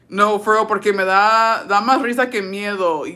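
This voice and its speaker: A woman's voice: medium pitch, normal speed, hardly any pauses, pushed and bright. A woman streamer in casual chat with viewers, telling a story in slang full of swearing and laughter, dropping in words.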